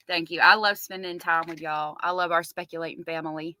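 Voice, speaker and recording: A woman's voice: lowish voice, a little fast, hardly any pauses, bright, forceful tone, poor audio. A middle-aged woman hosting a casual livestream, chatting with viewers and reading their comments aloud. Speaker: livestream host covering a trial.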